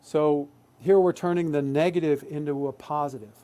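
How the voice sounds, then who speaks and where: A man's voice: on the high side, steady tone, moderate pace, mellow. An adult man presenting a live workshop, talking earnestly and often checking in with "right?". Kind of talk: live online workshop talk.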